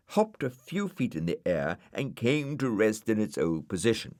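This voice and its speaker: A man narrating a children's storybook aloud with gentle expression. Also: lowish voice, sing-song, normal speed, few pauses, no room sound, studio quality, faint music behind. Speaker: audiobook narrator. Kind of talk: storybook reading.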